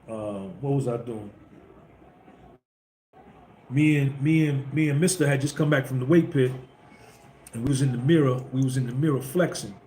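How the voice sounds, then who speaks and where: A podcast host tells stories in a casual monologue, his medium-pitched voice carrying a darkish tone. His delivery is blunt, emphatic and preachy, like street talk. The room is echoey, with a faint hum in the background.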